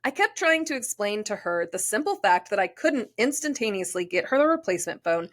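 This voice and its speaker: Young female co-host, casual and giggly, reads listener stories with a lot of animation, mid-pitched voice. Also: fairly quick. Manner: chatty, giggly, animated when reading stories. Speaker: podcast co-host. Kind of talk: casual chat and reading listener stories aloud.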